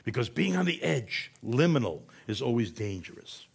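A man's voice: medium pitch, sing-song, moderate pace, vocal fry, slightly rough. Man giving a chatty, humorous lecture. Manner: conversational, often asks "right?", self-corrects mid-word.

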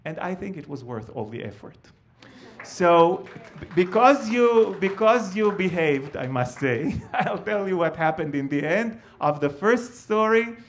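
Man, Hebrew, animated live storyteller, voice sits a bit high. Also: a little slow. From Israel. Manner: animated, with frequent fillers.

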